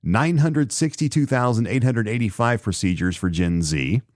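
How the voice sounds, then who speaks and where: A man's voice: medium pitch, normal speed, darkish tone, no echo, clean studio sound. A middle-aged man hosting a podcast, talking in a rambling, sarcastic commentary style. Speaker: podcast host. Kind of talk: casual commentary monologue.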